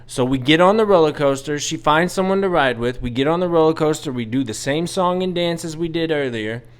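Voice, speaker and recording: A man's voice: fairly high pitch, a little fast, smooth. A man, bluntly venting as he tells a story in a casual vlog. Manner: exasperated, venting, blunt with swearing. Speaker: vlogger.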